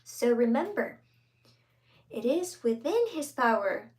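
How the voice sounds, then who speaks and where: A woman giving casual relationship advice, earnest, sometimes acting out soft whispered example lines. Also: on the high side, sing-song, takes it slowly. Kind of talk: casual advice talk to camera.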